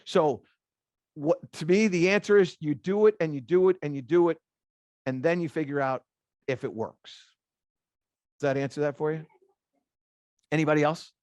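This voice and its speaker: Animated middle-aged man coaching golf teachers. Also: a little high, normal speed, long pauses, no echo. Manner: animated storyteller, repeats phrases for emphasis. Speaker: golf instructor. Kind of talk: speaking to a room of golf teachers.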